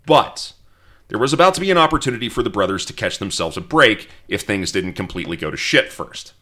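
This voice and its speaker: Male podcast host telling history with wry humor; animated, bright delivery. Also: on the low side, fairly quick. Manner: storytelling, reads quotes aloud, wry asides.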